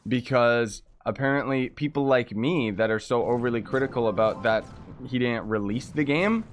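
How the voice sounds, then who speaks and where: A man chatting casually during a live game stream, ranting in frustration and breaking into quick exclamations. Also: mid-range voice. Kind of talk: casual live-stream chat while gaming.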